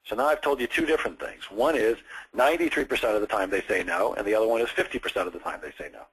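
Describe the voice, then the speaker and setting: A man with a husky, slightly rough voice coaches a student through writing a sales call script. He speaks directly and breaks each step down with worked examples, as if on a radio broadcast. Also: on the low side, rapid-fire, fairly bright tone, poor audio. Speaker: sales trainer. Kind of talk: coaching session on phone scripts.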